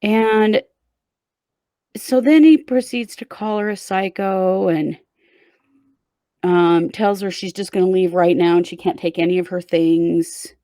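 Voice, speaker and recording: A woman with a lowish, dark voice speaks a little slowly, with no room sound. Hosting a true crime show, she casually walks her co-host through a case step by step in a conversational way.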